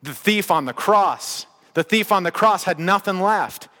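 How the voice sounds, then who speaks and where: A man with a fairly high voice preaches in a relaxed, conversational manner, building to emphatic, rising bursts. His voice rings with a long reverb, as in a large church hall. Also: unhurried. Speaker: pastor. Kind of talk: sermon.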